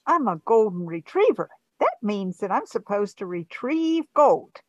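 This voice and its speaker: Lady playing a pushy golden retriever, talks quick, dry sound. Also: mid-range voice, sing-song, dry recording, muffled recording. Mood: eager. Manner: eager, persuasive. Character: eager golden retriever dog, scheming.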